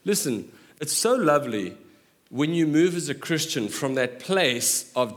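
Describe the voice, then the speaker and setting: A middle-aged male pastor preaching with a slightly higher voice than most men. He is animated and jokes with the congregation in quick asides, moving between earnest points and laughter. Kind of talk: sermon.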